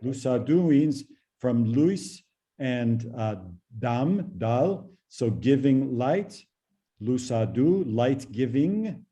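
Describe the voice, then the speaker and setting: A man leads a language class over a video call, his voice very dark and mellow at a middle pitch. He explains patiently, slowing down on key words and padding with fillers. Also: expressive. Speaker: teacher of Classical Armenian.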